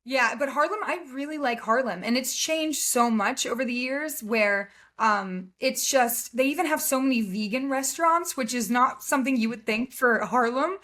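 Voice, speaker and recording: A woman's voice: high-pitched, moderate pace, hardly any pauses, fairly bright tone. A woman from the United States, a podcast guest chatting casually, bubbly and giggly with lots of fillers. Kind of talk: casual interview chat.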